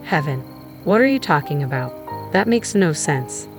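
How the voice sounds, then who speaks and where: A woman voicing a distraught, defensive young mother who pleads and turns shrill when shocked, with music playing underneath. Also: big pitch swings, normal speed. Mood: confused.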